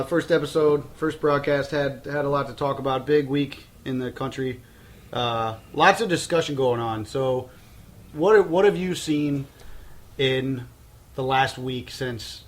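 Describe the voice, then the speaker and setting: A man co-hosting a casual home podcast from a couch, speaking in a laid-back way with easy laughs and trailing restarts. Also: mid-range voice. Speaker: podcast co-host. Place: home living room, on a couch.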